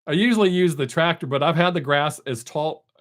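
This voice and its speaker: A man's voice: a little high, fairly bright tone. An older man hosting a live stream, in casual folksy chat, joking and greeting viewers from the chat by name.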